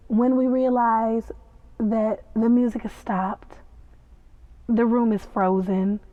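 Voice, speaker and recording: A young woman reviews a TV episode on her podcast, giving a lively, gossipy recap and acting out what the characters said. Her pitch is fairly high, and the audio is dry, narrow, and tinny.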